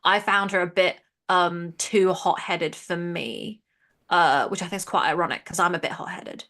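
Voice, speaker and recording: Chatty woman on a rewatch livestream, bright voice, giggles a lot, keeps restarting. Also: on the low side, moderate pace. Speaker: podcast co-host. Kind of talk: casual rewatch chat.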